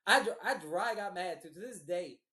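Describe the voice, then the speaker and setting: A young man co-hosting a podcast, telling stories in an animated, profane, slangy way and laughing often. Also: high voice, normal speed, echoey room. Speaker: podcast co-host. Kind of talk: casual storytelling chat.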